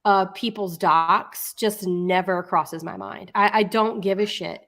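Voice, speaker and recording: A woman's voice: mid-range voice, steady tone, measured pace, a bit bright. A woman co-hosts a casual livestream in a mid-range voice with no accent. She talks bluntly and sounds exasperated, with the odd curse. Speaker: co-host, channel owner.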